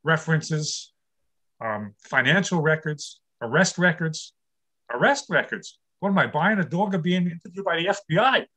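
Older guy doing stand-up, kinda high voice, wry self-deprecating jokes. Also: moderate pace, bright, forceful tone. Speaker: stand-up comedian. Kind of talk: stand-up comedy set.

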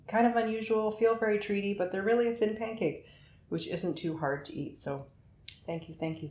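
A woman's voice: fairly low pitch, a little mellow, echoey room. A middle-aged woman hosting a podcast in casual chat, talking between bites and poking fun at herself. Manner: chatty and self-deprecating, talking between bites. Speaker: podcast host. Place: home kitchen.

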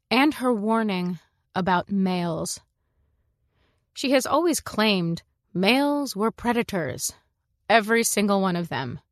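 An actress narrating a science fiction short story in the first person, in a measured, composed reading. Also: female voice, medium pitch, dry recording, studio quality.

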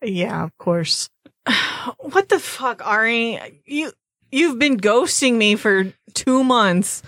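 Unhurried female player, hesitant, casual swearing, dry sound. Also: on the high side, lively intonation, a bit bright, no echo. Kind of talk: playing a tabletop game in character.

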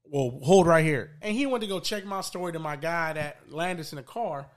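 Guy with a high voice, cussing a lot, telling his story loose and fast. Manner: profane, animated storyteller. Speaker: podcast co-host telling a story. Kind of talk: casual chat.

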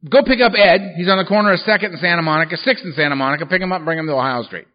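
A man's voice: high voice, racing, long reverb tail, natural voice. A man quoting a curt, bossy sponsor. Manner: curt, commanding, sarcastic. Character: blunt no-nonsense male sponsor giving orders. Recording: dull lo-fi recording.

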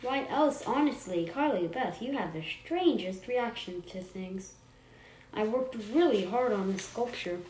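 A woman voicing a forceful, doting mother who is insistent and bright. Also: fairly high pitch, animated, unhurried. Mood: proud. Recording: roomy echo, faint noise.

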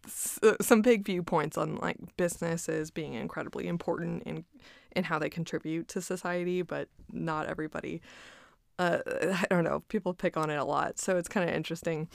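Chatty woman with a gravelly edge. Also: on the low side, moderate pace, no echo, clean studio sound. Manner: chatty, many fillers, laughs often. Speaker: vlogger. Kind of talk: casual personal reflection. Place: home in Austin.

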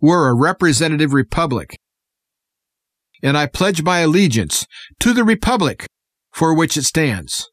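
A man's voice: on the high side, big pitch swings, a little slow, long pauses, no echo, clean studio sound. A man guest-presenting a radio segment, talking in an earnest, impassioned way as he addresses listeners. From United States. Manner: earnest, impassioned political speaking. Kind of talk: scripted radio monologue.

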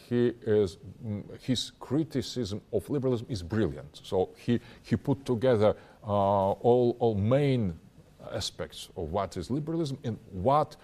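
A man's voice: medium pitch, dark tone. A man giving a long answer in an interview, lecturing step by step and often stopping to search for words. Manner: halting, searching for words with frequent restarts; lecturing, building an argument step by step. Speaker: interview guest. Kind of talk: interview, extended explanation.

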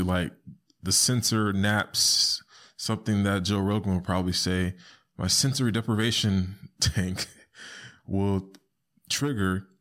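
Deep-voiced man hosting a casual podcast. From South Florida. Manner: animated, puts on high squeaky voices when quoting people. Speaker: podcast host. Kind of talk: casual solo podcast commentary.

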